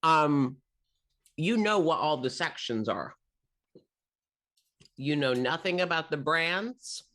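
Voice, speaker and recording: A man running a tabletop game as game master, narrating the scene in a relaxed, rambling way full of ums and uhs. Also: on the high side, slow pace. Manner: relaxed and rambling, with frequent 'um' and 'uh'.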